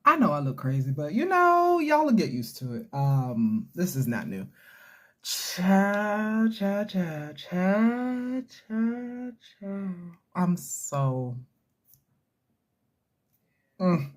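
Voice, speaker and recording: A woman's voice: very deep voice, sing-song, slow pace. A middle-aged woman, chatting casually to her camera, repeating herself and making self-deprecating asides. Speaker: vlogger.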